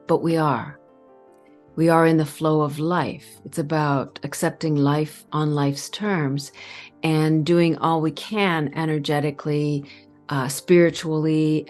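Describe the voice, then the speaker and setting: A middle-aged woman giving a calm, earnest spiritual talk, pausing and stretching words. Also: low voice. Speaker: spiritual channel host. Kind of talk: reflective spiritual talk to camera.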